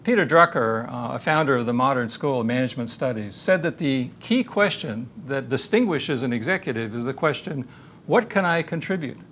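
Man, lecturer, earnest, measured, mid-pitched voice, faint rumble behind. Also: animated, fairly bright tone. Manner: earnest, measured, storytelling teacher. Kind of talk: recorded faith-based lecture.

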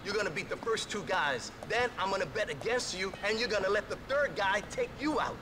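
A man's voice: sits high, brisk, background noise, close to an everyday voice. An actor playing a crude, scheming male fight promoter who talks in coarse street slang. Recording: game audio with music underneath.

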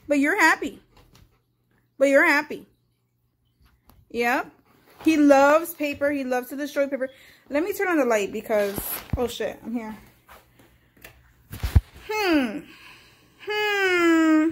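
Lively high-voiced woman talking to her dog. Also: slow pace, pauses often, slight background noise. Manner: playful, exclaiming, talks to her dog and viewers. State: hyper from coffee. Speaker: vlogger. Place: at home indoors.

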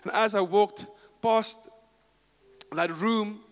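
A man with a South African accent preaching a sermon as pastor, moving between loud, rising declarations and quiet storytelling. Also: high-pitched, fairly even intonation, slow, long reverb tail. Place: church sanctuary.

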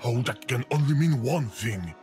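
A man's voice: mid-range voice, expressive, moderate pace, close to an everyday voice. A man playing a fussy, scolding game narrator. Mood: alarmed. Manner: fretful, scolding, prim. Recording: game audio with faint music.

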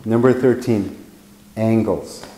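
Slow and warm, with a voice on the low side, a man gives a relaxed, wandering painting lesson. He tells anecdotes and acts out quotations, and the sound echoes like a large hall.

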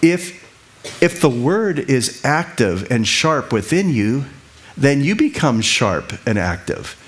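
A middle-aged man preaching a sermon, talking in a casual, conversational way with repeated phrases and quick asides. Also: medium pitch, sing-song, a bit bright. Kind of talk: sermon teaching.

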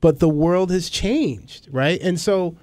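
A middle-aged man talking candidly as a guest in an interview, rambling and animated as he tells stories. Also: sits high, slow, no echo. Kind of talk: conversational interview.

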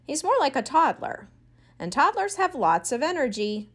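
A woman voicing a kind, calm mother who is a doctor, speaking in a gentle, reassuring way. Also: sits high, normal speed, voice pushed up. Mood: warm.

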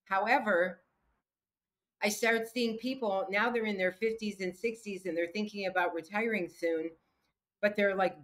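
A woman guest on an interview podcast talks in a relaxed, conversational way, easily slipping into the voices of the people she describes. Her voice sits at an ordinary middle pitch for a woman. She comes across as a coach sharing lessons from her life. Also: moderate pace. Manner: lively storyteller who acts out the voices of people in her stories. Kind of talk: casual storytelling in a podcast interview.

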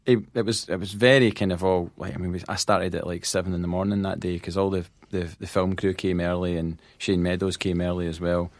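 A Scottish man tells lively anecdotes as a podcast guest, acting out what others said and laughing along as he goes. His voice sits fairly low. The sound is dry and close, with no room around it. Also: a little fast, hardly any pauses, dry recording. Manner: lively storyteller, acts out quotes, laughs often. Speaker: podcast guest, band manager. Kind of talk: casual chat, storytelling anecdotes.

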